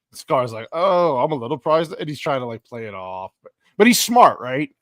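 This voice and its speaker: Lively, expressive man chatting. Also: medium pitch, a little fast, few pauses, no echo, studio quality. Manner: animated, swears often, acts out characters' lines. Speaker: podcast co-host. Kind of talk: casual movie reaction chat.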